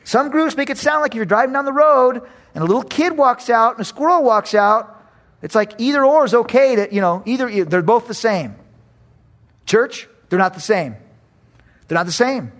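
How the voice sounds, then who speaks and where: A middle-aged man preaching a sermon as pastor, animated, swinging between loud and hushed, acting out other voices. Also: high-pitched, moderate pace. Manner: acts out voices of kids and critics.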